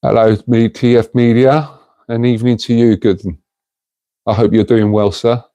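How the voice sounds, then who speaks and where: A man's voice: mid-range voice, level tone, moderate pace, warm tone, no room sound. A middle-aged man, hosting a casual livestream and talking to viewers in an earnest, rambling way. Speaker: livestream host.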